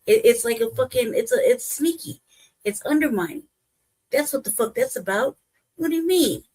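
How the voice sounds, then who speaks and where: Heated, husky-voiced woman ranting. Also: a little high, animated, moderate pace, darkish tone, rough recording. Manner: heated, profane, emphatic ranting. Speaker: host. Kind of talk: reaction commentary.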